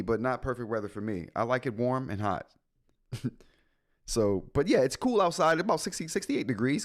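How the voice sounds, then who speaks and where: A man hosting a live tech show, chatting casually with his viewers, joking and laughing often. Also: mid-range voice. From United States. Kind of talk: casual live-stream chat.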